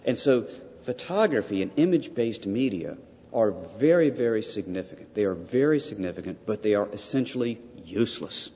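A man's voice: lowish voice, lively intonation, moderate pace, dark tone, slight background noise. An older man giving a theology lecture, emphatic, repeating key points and asking rhetorical questions. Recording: lo-fi lecture recording with long reverb.

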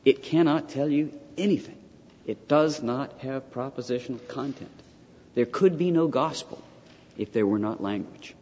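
A man's voice: medium pitch, moderate pace, a little mellow. An older man giving a theology lecture, emphatic, repeating key points and asking rhetorical questions. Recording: lo-fi lecture recording with long reverb.

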